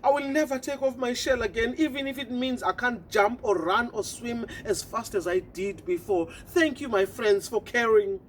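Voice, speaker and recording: A woman's voice: on the high side, moderate pace, few pauses, a little hiss or hum, voice pushed up, natural voice. A woman voicing a sad little female tortoise in a storybook tale, pleading and tearful. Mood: resolute.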